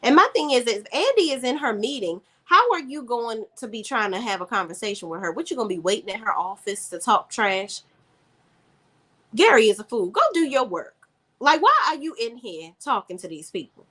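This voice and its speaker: TV reviewer, woman, blunt and opinionated, high lively voice. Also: moderate pace. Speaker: TV show reviewer. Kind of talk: casual TV recap.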